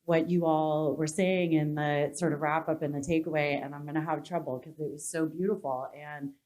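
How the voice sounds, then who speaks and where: A woman's voice: low-pitched, fairly even intonation, moderate pace, a little mellow. A woman hosting a live event, giving emotional, gushing thanks in her closing remarks. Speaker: event host. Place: conference hall with an audience.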